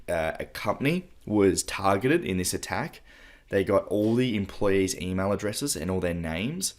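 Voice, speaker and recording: Low-voiced man explaining scams. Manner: explanatory, steady, uses fillers like "you know". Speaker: podcast co-host. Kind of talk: casual chat.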